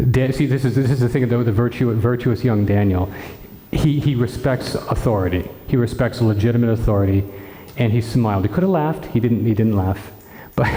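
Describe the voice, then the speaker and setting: A man preaching at a retreat, telling the story in an animated way and acting out the characters' lines himself. His voice is mellow and dark, middle in pitch. It carries through a big hall with a long, echoing reverb. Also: slight background noise. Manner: animated storytelling, acting out dialogue, frequent restarts. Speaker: friar preacher. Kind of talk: retreat talk retelling scripture.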